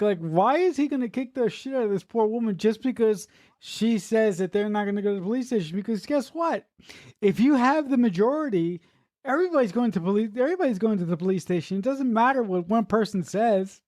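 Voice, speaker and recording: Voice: mid-range voice, animated, fairly quick, darkish tone, no echo, studio quality. A podcast co-host giving blunt, emphatic opinions in casual chat, swearing freely and repeating words. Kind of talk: casual movie review chat.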